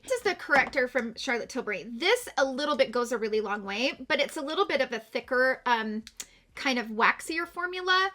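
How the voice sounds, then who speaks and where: A woman's voice: high voice, bright, forceful tone. A middle-aged woman chatting heartfelt with her viewers while doing her makeup, tearful after a morning of crying. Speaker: beauty vlogger. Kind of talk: casual get-ready-with-me chat.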